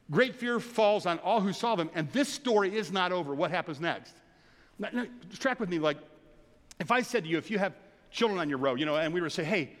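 A man preaching a sermon in a church, telling the story with animated energy and laughter. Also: high-pitched. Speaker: pastor. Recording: long reverb of a large hall.

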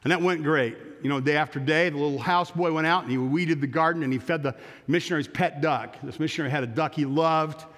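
Pastor telling a story in a reverberant church. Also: male voice, on the high side, quick pace. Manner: animated storyteller with restarts. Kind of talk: sermon storytelling. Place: church sanctuary.

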